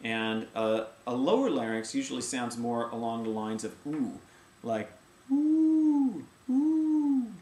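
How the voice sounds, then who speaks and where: A man's voice: mid-range voice, normal speed, hardly any pauses. Male voice teacher in an echoey room. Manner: demonstrates sung vowels and sounds between explanations. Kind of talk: casual video voice lesson. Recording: echoey room with faint ambient noise.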